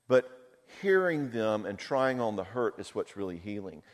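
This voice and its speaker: A man's voice: lowish voice, lively intonation, a little fast. Conversational man in an echoey hall. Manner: conversational, storytelling, self-mocking. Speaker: marriage counselor speaking at a seminar. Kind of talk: seminar talk. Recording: long hall reverb.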